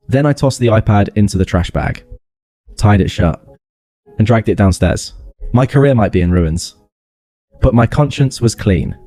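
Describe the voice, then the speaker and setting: A man narrating a first-person story in a flat, calm, matter-of-fact way. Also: fairly low pitch, normal speed, pauses often, no echo.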